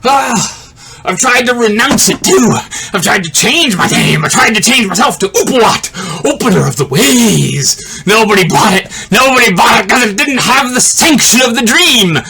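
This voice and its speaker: A man telling a personal story in a casual monologue, animated, laughing often and swearing freely. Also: very high voice, normal speed, gravelly, a crowd in the background.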